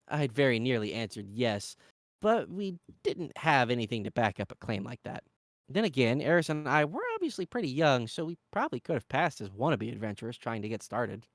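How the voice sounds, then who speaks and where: A man reading a fantasy novel aloud in an expressive, animated way. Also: medium pitch, normal speed, no room sound, clean studio sound. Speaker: reader.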